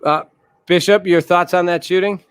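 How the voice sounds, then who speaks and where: A man's voice: high-pitched, steady tone, normal speed, clean tone, no room sound, clean studio sound. A man hosting a live video talk show, asking questions casually and restarting his sentences. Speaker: host.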